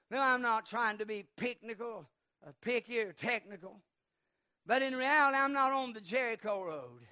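A man preaching a sermon, impassioned and swelling into shouts. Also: very high voice, normal speed, smooth.

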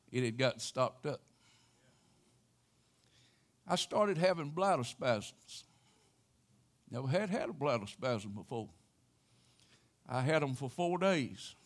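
An older man preaching a sermon, telling a personal story in a folksy way with sudden loud exclamations. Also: medium pitch, lively intonation, a little slow, pauses often. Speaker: pastor.

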